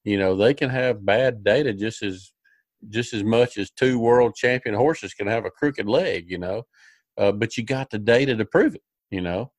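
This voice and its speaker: Hosting a podcast, this man spins a meandering, folksy tale packed with fillers and false starts. He talks at a moderate pace in a fairly low voice, recorded with no room sound.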